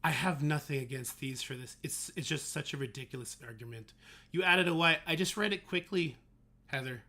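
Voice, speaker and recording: Male game streamer, high gravelly voice, heated and swearing. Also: brisk, sharp tone, a little hiss or hum. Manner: exasperated ranting, heavy swearing. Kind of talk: livestream talk to chat.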